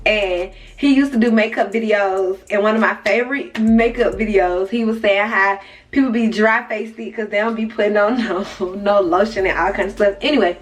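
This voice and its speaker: A woman's voice: mid-range voice, steady tone, normal speed. Chatty woman telling a story, mic at a distance. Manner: chatty, talks straight to viewers with side remarks. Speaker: vlogger. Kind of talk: casual story time. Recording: distant mic with faint music.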